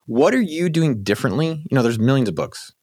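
A man hosting a casual podcast conversation, talking in a quick, animated, self-deprecating way. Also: medium pitch, no room sound, studio quality. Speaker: podcast host and author.

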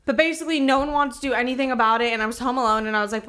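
A young woman co-hosting a podcast, telling a story in a casual, animated and profane way. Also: on the high side, rapid-fire, hardly any pauses. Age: young adult. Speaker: podcast co-host. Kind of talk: casual chat.

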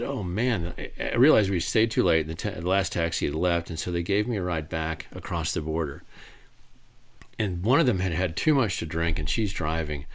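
Brief: middle-aged man, low voice, rambling anecdotal storyteller at a talk, lots of restarts. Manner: rambling, many restarts and fillers, animated retelling. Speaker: author giving a talk.

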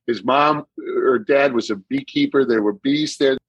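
Middle-aged Boston-accented man, slightly husky, dry studio sound, lively anecdotes. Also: medium pitch, moderate pace, no echo, highs cut off. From Massachusetts. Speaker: guest actor. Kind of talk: casual podcast chat.

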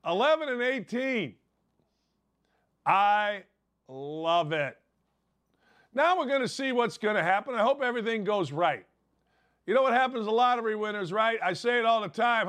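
A man's voice: sits high, fairly bright tone. An older man hosting a sports talk show, ranting in a brash, sarcastic, rambling way. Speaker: sports radio host. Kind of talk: opinionated sports talk monologue.

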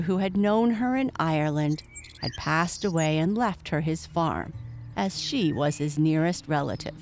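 A woman narrating a storybook in a calm, measured reading voice. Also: fairly low pitch.

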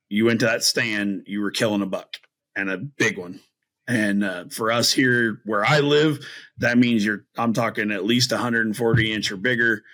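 Midwestern man, low forceful voice, rambling hunting tale; podcast guest, lots of ums and restarts, animated. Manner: rambling, many fillers and restarts; animated, acts out quoted voices. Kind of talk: casual storytelling.

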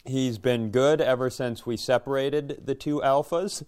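A man's voice: mid-range voice, steady tone, measured pace, darkish tone, smooth. A middle-aged man co-hosting a podcast, telling a long rambling story in casual chat and swearing freely. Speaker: podcast co-host.

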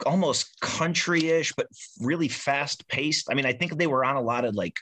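A man's voice: mid-range voice, normal speed, bright, forceful tone, no room sound. A man on a casual music podcast, rambling and joking with many restarts. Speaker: podcast co-host.

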